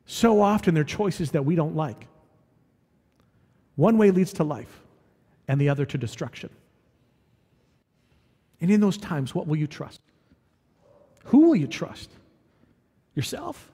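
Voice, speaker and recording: High-voiced preacher in a reverberant hall. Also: male voice, a little mellow. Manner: conversational, asking the audience questions. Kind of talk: sermon.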